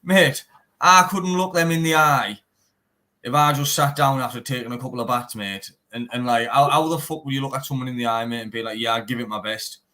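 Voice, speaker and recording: His voice is mid-range, bright and forceful, and he talks briskly. He's a young bare knuckle fighter from England with a Teesside accent, blunt in a casual interview, swearing often and saying "mate" in nearly every sentence.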